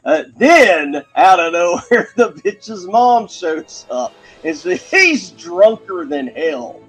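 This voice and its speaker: A man's voice: sits high, big pitch swings, slow, a bit bright, husky, soft background music, low-quality recording. A man telling a crude personal story in a rambling, profane way, laughing as he goes.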